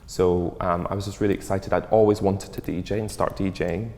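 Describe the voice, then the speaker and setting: A man's voice: sits low, fairly even intonation, normal speed, a little mellow, in a large hall. A man in his thirties, a fashion designer, answering interview questions in a chatty, loose way full of fillers. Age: 30s. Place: interview studio.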